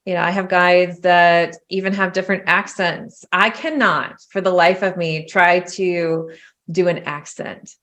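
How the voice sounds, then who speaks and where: A woman's voice: lowish voice, a little slow. A woman hosting a podcast as a spiritual business coach, chatting casually and acting out voices in her stories. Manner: animated, acts out voices in quotes. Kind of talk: casual interview chat.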